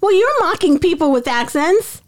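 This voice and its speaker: A woman's voice: extremely high pitch, sing-song, moderate pace, a crowd in the background. A woman with a Brooklyn accent co-hosting a podcast, teasing her partner and laughing often. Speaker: podcast co-host. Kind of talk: casual chat.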